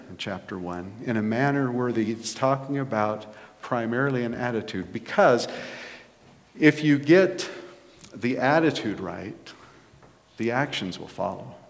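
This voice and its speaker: A man preaching a conversational sermon as pastor, rising to emphatic points. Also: medium pitch. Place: church sanctuary. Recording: long reverb of a church hall.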